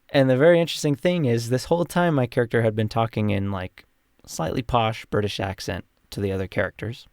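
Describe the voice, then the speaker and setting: A man's voice: medium pitch, fairly quick, a little mellow, clear, resonant tone, no echo, clean studio sound. A young man co-hosting a casual podcast, recapping a tabletop campaign in a rambling way with many fillers. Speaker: podcast co-host and player.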